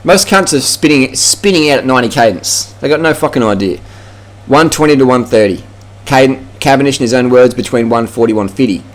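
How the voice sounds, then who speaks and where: A man's voice: medium pitch, lively intonation, brisk. Australian male cycling vlogger, blunt and profane, casual rant. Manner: blunt, brash, swears freely.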